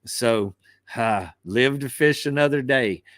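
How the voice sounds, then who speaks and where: A man's voice: medium pitch, slow pace, a bit bright, no room sound, clean studio sound. A man who is a fishing captain, telling boating stories and giving plain cautionary advice in a casual podcast chat over a remote call. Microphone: remote call over wifi.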